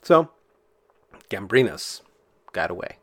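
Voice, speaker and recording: A man's voice: fairly low pitch, very animated, takes it slowly, loud music behind the voice. A man casually telling folk tales, chatty and full of fillers, acting out sound effects as he goes. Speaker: storyteller.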